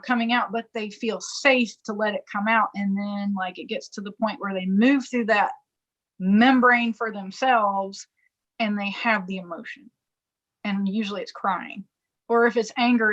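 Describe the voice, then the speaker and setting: A woman's voice: medium pitch, fairly bright tone. A woman co-hosting a spiritual podcast in casual chat, acting out quoted inner dialogue and laughing often. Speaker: podcast co-host. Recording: dull lo-fi podcast audio.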